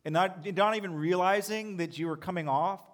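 A man pastor giving a sermon in a relaxed, conversational way, joking at his own expense. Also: sits high, a little fast. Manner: relaxed, conversational preaching with humor.

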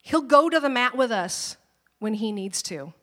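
A woman's voice: on the high side, a little slow. Chatty woman preaching in a reverberant hall. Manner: conversational, animated, acts out quoted voices. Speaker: pastor. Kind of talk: sermon with personal stories. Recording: long reverb of a church hall.

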